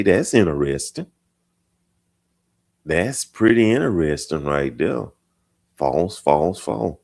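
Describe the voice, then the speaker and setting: Slow, deep-voiced man hosting a live chat. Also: gravelly, a little mellow. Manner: slow, drawn-out, repeats phrases while reading comments. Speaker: host of a live chat show. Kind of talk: casual live-stream chat reading viewer comments.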